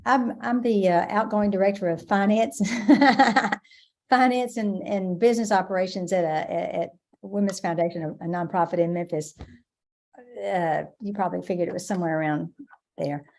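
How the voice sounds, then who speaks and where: A woman's voice: mid-range voice, normal speed, darkish tone. Modest, stammering woman. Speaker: nonprofit finance director. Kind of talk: self-introduction on a video call.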